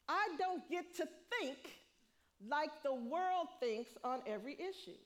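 A middle-aged woman preaching a sermon, lively, laughing often and acting out what people say. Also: sits high, a little slow.

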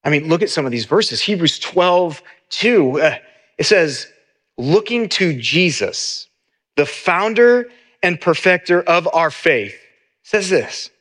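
Middle-aged male pastor with a high voice, preaching in a chatty, storytelling style. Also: takes it slowly. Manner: conversational, animated storytelling with many restarts. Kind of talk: sermon.

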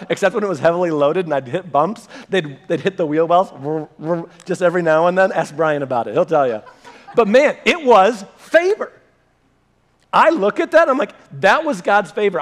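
Delivering a sermon, a pastor with a high male voice shares a personal story. He animatedly acts out the back-and-forth dialogue as he tells it.

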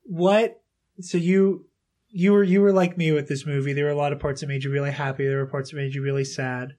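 A woman's voice: low voice, steady tone, fairly quick, mellow. A woman hosting a podcast in casual chat, chatty, laughing often and restarting her sentences. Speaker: podcast host. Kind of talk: casual chat interviewing a child guest.

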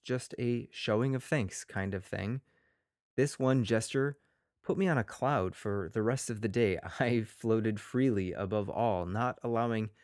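A man with a lowish, smooth, resonant voice hosts his own podcast as a teacher. He talks in a loose, rambling way, pokes fun at himself and acts out quick quotes from his students. The sound is close and dry, with no room around it. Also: dry recording. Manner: rambling, self-deprecating, plays kids' voices in quotes. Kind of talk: casual podcast monologue.

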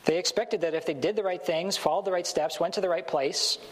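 A man's voice: high voice, a little fast, rough recording. A male pastor preaching a sermon in a conversational way, sometimes acting out the voices he quotes.

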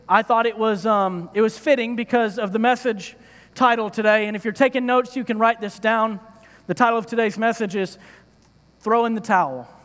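Man, preacher, sermon, joking manner, very high pitch, long hall echo. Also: a bit bright. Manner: playful, joking. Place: church stage.

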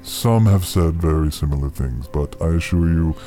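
A man voicing an ancient male elf spirit, courteous and quietly menacing, with a deep gravelly voice. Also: moderate pace, soft background music. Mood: smug.

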